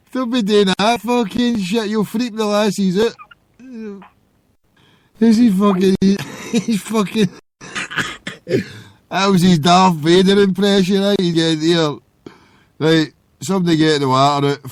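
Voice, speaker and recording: A man's voice: a little high, dry recording. A Glaswegian man hosting a call-in show, boisterous, laughing and swearing a lot. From Scotland. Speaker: show host. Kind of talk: crude casual call-in chat.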